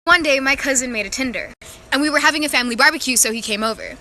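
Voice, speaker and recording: A woman's voice: high voice, very fast, sharp tone, slight background noise. A woman telling a casual storytime in a sassy, profane way.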